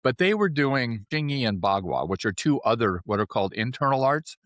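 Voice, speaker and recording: A man's voice: medium pitch, a little fast, no room sound. Chatty guy in his 70s telling stories on a podcast, keeps saying right?, dry close mic. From California. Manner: chatty, animated storyteller, often adds "right?". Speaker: guest. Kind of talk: casual storytelling interview.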